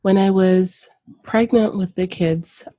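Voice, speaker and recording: A woman's voice: mid-range voice, fairly even intonation, takes it slowly, dark tone. A woman hosting a podcast interview who reflects back and affirms her guest in a casual, conversational way. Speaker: podcast host.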